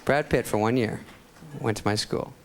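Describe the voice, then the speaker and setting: Here a male comedian speaks at a moderate pace in a medium-pitched voice, delivering a self-deprecating, sarcastic bit on stage. The live audience is noisy, with loud bursts of laughter throughout.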